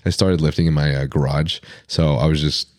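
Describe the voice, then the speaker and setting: A man's voice: a bass voice, fairly even intonation, a little fast, a little mellow, dry recording, clean studio sound. A man hosting a podcast, easygoing in chat and reading out listener questions. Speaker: podcast host.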